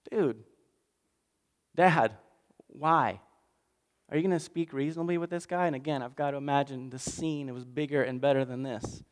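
A man preaching a lively, jokey story sermon, swinging between loud bursts and hushed asides. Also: on the high side, clear, resonant tone, in a large hall. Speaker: pastor.

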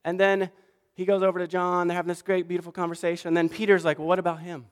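A pastor giving a sermon, telling stories in an animated way and acting out the quoted voices. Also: male voice, sits high, fast talker, smooth. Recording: long reverb of a large hall.

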